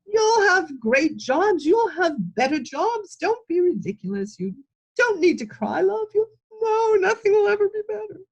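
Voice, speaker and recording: A woman's voice: extremely high pitch, sing-song, a little slow, pitched above the performer's own voice, heavily acted, poor audio. A woman putting on a kindly male taxi driver, consoling and calling her love. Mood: comforting. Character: kindly middle-aged male London cab driver.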